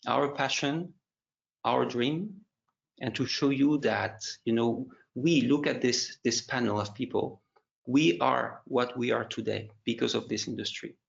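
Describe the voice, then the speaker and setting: A man's voice: medium pitch, measured pace, gravelly, muffled recording. A man moderating a webinar panel, telling his career story with frequent restarts and a touch of emotion, over a video call.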